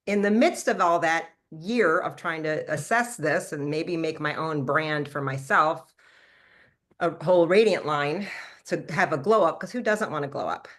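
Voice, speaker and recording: A woman in her fifties telling her skincare story to a live call, animated and talking fast, often jumping up in pitch to act out past conversations. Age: 50s. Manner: animated storytelling, acting out her own past lines in a higher voice. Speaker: product formulator and brand promoter. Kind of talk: testimonial talk to a live call.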